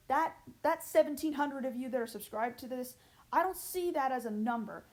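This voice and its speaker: A woman YouTuber in a confessional vlog, talking in an earnest, emotional, self-critical way with halting pauses and restarts. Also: high voice, darkish tone.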